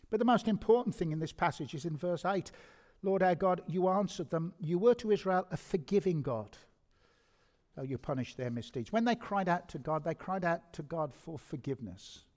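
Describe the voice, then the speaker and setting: With the long reverb of a church hall around him, a middle-aged English preacher talks earnestly and conversationally, repeating words and asking rhetorical questions. His voice sits high but has a darkish tone.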